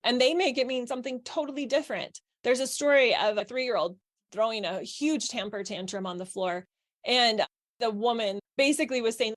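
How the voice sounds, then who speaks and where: A woman's voice: fairly high pitch, normal speed. A middle-aged woman coaching parents in a live online workshop, asking the audience questions as she teaches.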